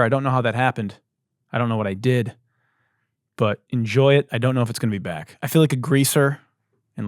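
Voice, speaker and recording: A man's voice: medium pitch, no room sound, studio quality. A man hosting a podcast, telling stories in a loose, joking, profane style. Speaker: podcast host. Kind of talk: casual comedic monologue.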